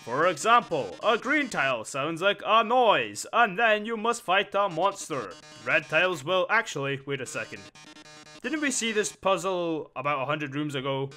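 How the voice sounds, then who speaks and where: A man voicing a flamboyant male robot game-show host with a melodramatic, drawn-out sarcastic delivery. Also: fairly high pitch, very animated, pushed and bright, soft background music. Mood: taunting.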